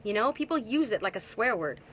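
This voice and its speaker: A woman's voice: mid-range voice, big pitch swings, a little fast, a little hiss or hum. A middle-aged woman giving an emphatic, repetitive spiritual monologue as a twin soul facilitator, speaking outdoors. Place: outdoors in hot humid weather.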